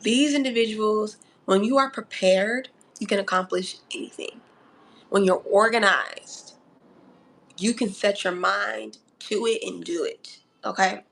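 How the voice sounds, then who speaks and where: A woman's voice: mid-range voice, unhurried, vocal fry, a bit bright. Coaching woman giving an astrology reading. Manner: coaching, repeats "okay?", calls listener honey and darling. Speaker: astrology reader. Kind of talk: casual spoken astrology reading.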